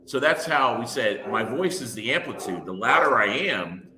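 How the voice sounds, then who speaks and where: A man's voice: mid-range voice, animated, normal speed, echoey room, crowd noise. A man, a paranormal investigator, explaining his methods in a casual interview and building each point with everyday analogies.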